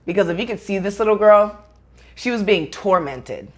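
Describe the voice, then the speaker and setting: A woman's voice: medium pitch, lively intonation, normal speed. A woman vlogger talking straight to her viewers, earnest and close to tears, with casual swearing. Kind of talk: emotional talk to camera.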